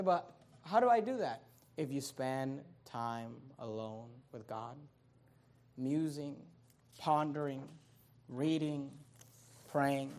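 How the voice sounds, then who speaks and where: A man's voice: fairly high pitch, gravelly, darkish tone. A man preaching a sermon as pastor, reading scripture aloud and stressing its words with emphasis. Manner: emphatic preaching with Bible quotations.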